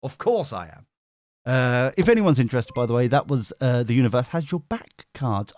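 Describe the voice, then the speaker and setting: A man's voice: mid-range voice, animated, brisk, darkish tone, no room sound, clean studio sound. A man hosting a tarot livestream, bantering playfully with his chat.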